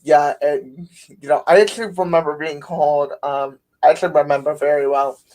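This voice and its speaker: A man's voice: a little high, fairly even intonation, brisk, darkish tone. A man hosting a podcast, telling stories in a rambling casual way with many fillers. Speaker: podcast host. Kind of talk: casual conversation.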